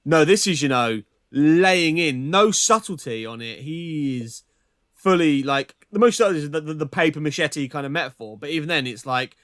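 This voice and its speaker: A man with a fairly high voice speaks in a dry, close recording. He talks about music in a casual, emphatic way, often pausing to find the right words. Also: lively intonation, a bit bright, no echo. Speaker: podcast co-host. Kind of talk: casual album review chat.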